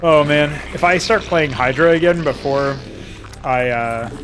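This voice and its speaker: A man's voice: on the high side, unhurried, noisy background. A young man casually commenting on his own game campaign, self-mocking, swearing a lot and laughing often.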